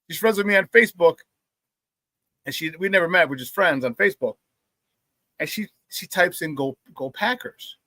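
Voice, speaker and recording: A man's voice: high-pitched, moderate pace, pauses often, pushed and bright, no room sound. A man hosting a casual sports talk show, brash and profane, trash-talking rivals and laughing often between remarks.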